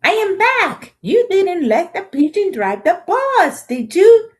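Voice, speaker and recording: A woman's voice: very high voice, sing-song, slow, voice pushed up, full character voice. A woman voicing a pushy, childish male pigeon who begs and whines in a storybook read-aloud. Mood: smug. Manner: wheedling, whiny begging.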